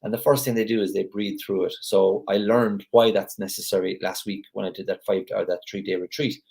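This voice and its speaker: Male group leader, casual video-call talker, rambling, low register, gravelly fry. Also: steady tone, a little fast, a little mellow. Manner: rambling and chatty with frequent restarts.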